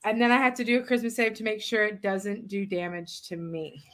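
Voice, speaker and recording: A woman's voice: mid-range voice, little pitch movement, brisk, a bit bright. A woman player at a tabletop game, rambling through her turn with lots of filler words and giggles. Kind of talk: casual tabletop game play.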